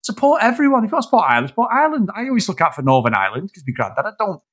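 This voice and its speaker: Very fast and pitched high, this Englishman co-hosts a laid-back movie podcast, chatting with lots of energy, plenty of cursing and boisterous laughing asides.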